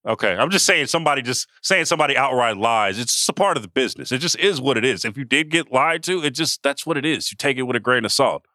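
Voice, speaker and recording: A man's voice: medium pitch, animated, fast talker, few pauses, pushed and bright, dry recording, clean studio sound. A man co-hosting a sports podcast, chatting loosely and trailing off with fillers. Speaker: podcast co-host. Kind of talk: casual sports chat.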